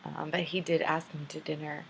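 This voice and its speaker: Young woman, twenties, low voice, candid rambling video letter, faint hiss. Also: little pitch movement, fairly quick, vocal fry. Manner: rambling, candid and self-deprecating. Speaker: vlogger.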